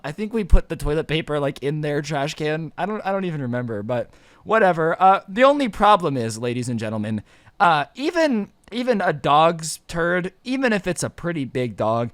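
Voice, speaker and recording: A young man telling a funny childhood story in a casual, animated way, with slangy asides and frequent laughs. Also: a little high, no room sound.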